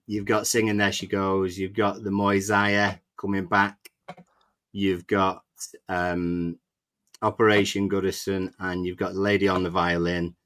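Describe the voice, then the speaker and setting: On a casual fan podcast, a male host chats and rambles, using plenty of filler words. His voice is fairly low in pitch with a slightly bright quality, picked up on a clip-on microphone.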